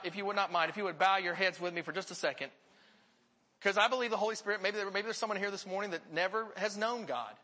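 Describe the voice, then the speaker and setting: A male pastor preaches with a high, bright voice that rings out in a church hall with a long reverb. He tells his stories with earnest, animated energy. It is a live sermon to his congregation.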